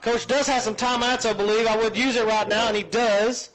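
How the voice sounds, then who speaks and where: A man calling high school football play-by-play in a folksy, chatty way. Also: brisk, rough recording. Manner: folksy, chatty, excitable on big plays. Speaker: play-by-play announcer.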